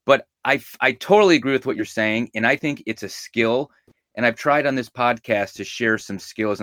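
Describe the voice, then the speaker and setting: A man's voice: lowish voice, a bit bright, no echo, studio quality. A middle-aged man hosting a podcast, telling stories in an upbeat, casual way. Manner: upbeat, storytelling. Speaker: podcast host.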